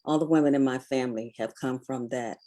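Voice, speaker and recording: An older woman with a mellow, warm voice speaks on a talk show. She talks in a measured, heartfelt way. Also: rumbling low. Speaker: guest, mother of a guest.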